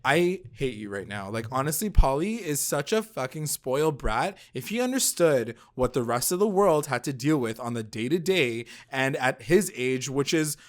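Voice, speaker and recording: A man co-hosting a podcast, recapping a reality show in casual chat, animated and quick to swear and mimic people. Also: medium pitch. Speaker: podcast co-host.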